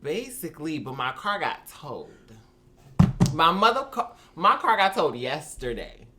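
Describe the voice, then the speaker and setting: Man, podcast co-host, casual chat, expressive storytelling, lively pitch. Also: measured pace, heavy background noise. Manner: animated storytelling, expressive, swearing, acting out quotes.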